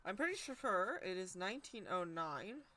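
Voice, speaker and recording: A woman's voice: mid-range voice, very animated, normal speed, bright, forceful tone, a little hiss or hum. A woman giving a casual, chatty history talk on tarot, stumbling over hard names and poking fun at herself. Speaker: tarot teacher.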